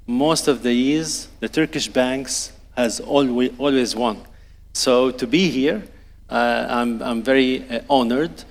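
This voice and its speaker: A man in his fifties introduces himself on a conference panel in a mid-pitched voice. He speaks hesitantly, with many fillers and restarts. His voice rings with a long hall reverb. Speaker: panelist, banking executive.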